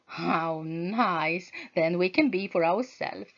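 A woman's voice: on the low side, slow pace, muffled recording. Sulky impatient young suitor, read by a woman. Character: impatient, disappointed young man, sulky and selfish.

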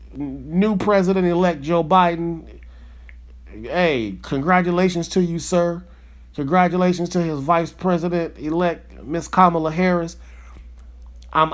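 A man hosting a podcast, ranting in a fired-up, profane, slangy way in a casual monologue. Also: fairly high pitch. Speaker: podcast host.

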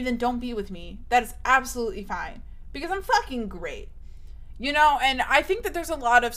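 A woman's voice: on the high side, fairly bright tone. A young woman streaming, chatting casually, emphatic and swearing often, her voice shooting up when she gets worked up.

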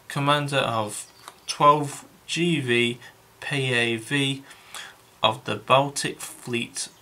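A man's voice: medium pitch, gravelly, sharp tone. A man giving a casual, rambling review of a model kit, thinking aloud with frequent restarts and calling his viewers guys.

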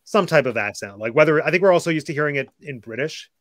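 A man's voice: fairly high pitch, animated, fast talker, fairly bright tone, dry recording. Enthusiastic man hosting a casual chat. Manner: enthusiastic, gushing. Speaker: host. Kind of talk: casual discussion.

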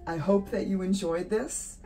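Teary, gravelly-voiced woman vlogger. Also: medium pitch, measured pace, warm tone, faint music behind, rough recording. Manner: emotional, gushing, laughs often. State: teary, sniffly. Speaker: art channel host. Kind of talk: casual vlog talk to camera.

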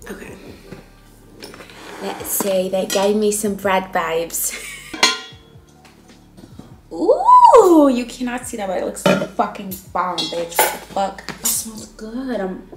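A woman in her twenties from the Netherlands, chatting candidly in a vlog from a hotel room. She swings between loud exclamations and hushed asides. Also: medium pitch, roomy sound. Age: 20s. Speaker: vlogger. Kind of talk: casual candid vlog chat. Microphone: handheld vlog camera.

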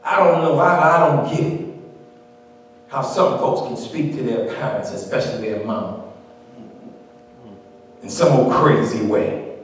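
A male pastor preaching a sermon in a church, building up to shouts in a call-and-response style. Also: mid-range voice, measured pace, pauses often, recorded from a distance, slight background noise. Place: church sanctuary. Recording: echoey church hall, mic from afar.

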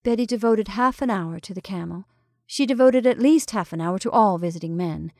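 A woman narrating a classic short story in a measured, calm way. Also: medium pitch, no room sound, clean studio sound. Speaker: story reader.

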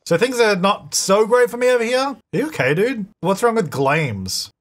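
Male let's-play host with a slightly high, bouncy voice; chatty, excitable, talks back to the characters. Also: normal speed, few pauses. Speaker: gaming channel host. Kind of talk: casual gameplay commentary.

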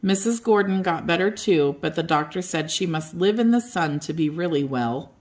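An older woman reading a children's bedtime story aloud as the storyteller, gentle and expressive. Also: lowish voice, moderate pace.

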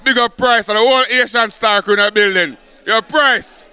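A man with a Jamaican accent giving hype shout-outs in patois at a party he helped organize. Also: very high-pitched, moderate pace, clean tone.

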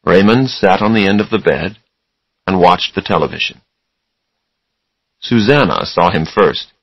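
Slow, deliberate male storyteller. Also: sits low, animated, breathy edge, no echo, lo-fi sound. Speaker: narrator. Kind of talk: scripted storybook narration for English learners.

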